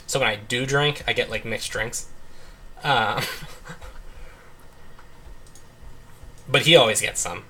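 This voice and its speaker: Hosting a let's play, this young man chats casually as he games, rambling and peppering his talk with "like" and "um." His medium-pitched voice is bright and forceful, slow, and broken by frequent pauses, with a slight hiss or hum behind it.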